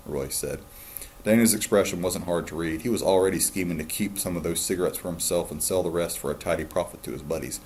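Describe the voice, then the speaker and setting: A man, a teacher, calmly reading a novel aloud to his students. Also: deep voice, quick pace, a little hiss or hum. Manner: calm, steady storytelling.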